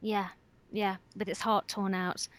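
A woman guest retells someone else's eerie experience in an earnest, slightly halting way. Her voice sits at a middle pitch. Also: little pitch movement, no room sound. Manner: earnest, hesitant with fillers and restarts. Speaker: guest storyteller. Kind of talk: retelling a witness's account.

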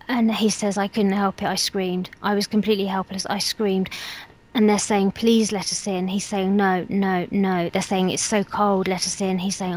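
Woman earnestly retelling an eyewitness story. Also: mid-range voice. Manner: earnest, hesitant with fillers and restarts. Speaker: guest storyteller. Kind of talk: retelling a witness's account.

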